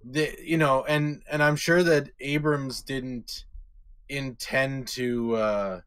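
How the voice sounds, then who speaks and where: A man's voice: medium pitch, fairly even intonation, slow, a bit bright, smooth. A man co-hosting a podcast in a laid-back, hesitant way, with many fillers. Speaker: podcast co-host. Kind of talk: casual chat.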